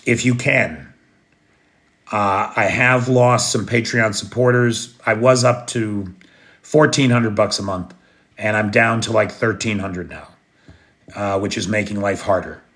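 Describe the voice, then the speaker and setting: American guy with a gravelly voice rambling thru a late night live chat, reading comments. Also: on the low side, unhurried, a bit bright. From United States. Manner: rambling, chatty, restarts and fillers. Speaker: livestream host. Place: living in Kyiv, recording at home at night.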